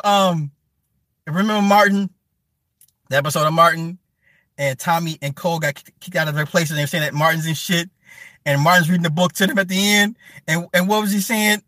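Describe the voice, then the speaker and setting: A man's voice: high-pitched, steady tone, fairly quick, sharp tone, no echo. A man delivering a heated, profane, rambling rant as a live streamer talking to his chat. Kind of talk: ranting commentary to a live chat.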